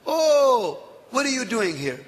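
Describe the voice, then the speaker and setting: Recorded in an echoey hall, a man does a full character voice, very high and above his own natural pitch, bright and forceful at normal speed. He plays a sly male god disguised as a holy man, speaking mockingly and persuasively.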